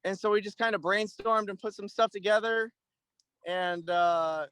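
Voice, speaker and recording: Guy in his 30s chatting loose in an interview, lots of ums, voice sits pretty high and sounds super smooth. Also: normal speed, dry recording. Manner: relaxed, rambling, many "um"s and restarts. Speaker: guest, Army veteran and clothing-line owner. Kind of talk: casual interview conversation.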